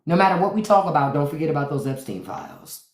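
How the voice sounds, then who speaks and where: A woman hosting a casual livestream from home, telling playful stories with excited outbursts, speaking. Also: sits low, quick pace, reverberant. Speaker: livestream host.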